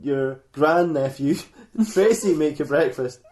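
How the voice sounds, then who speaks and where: A man's voice: fairly high pitch, animated, slow, a little mellow. Man doing a blunt, offhand mum. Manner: matter-of-fact, dismissive.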